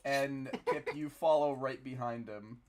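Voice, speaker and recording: A man's voice: medium pitch, a little slow, slight background noise. A young man narrating a tabletop game as game master, loose and giggly, swearing casually.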